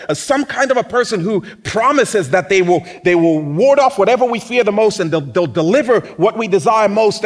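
A man preaching a sermon in a conversational, teasing way, often acting out mocking quotes. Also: high-pitched.

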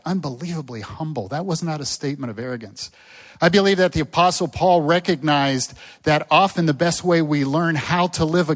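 An older man preaching a sermon as a pastor, earnest and often asking rhetorical questions. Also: on the high side.

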